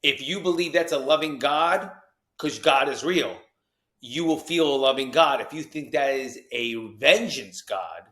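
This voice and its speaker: A man from New Jersey, a podcast guest telling his story with animated energy and acted-out quotes. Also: mid-range voice, a little slow. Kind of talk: storytelling interview.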